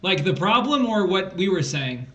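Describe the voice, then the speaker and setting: A man's voice: high voice, big pitch swings, normal speed, bright, forceful tone, dull audio. A man tutoring test prep on a casual livestream, joking and teasing while he reads problems aloud. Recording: echoey room with faint noise.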